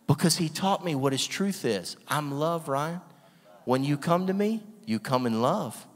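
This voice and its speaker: A man's voice: a little high, measured pace. Preaching man in a reverberant hall. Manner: energetic, emphatic, laughs often, rhetorical questions. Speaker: guest preacher. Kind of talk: sermon. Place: church hall with long reverb.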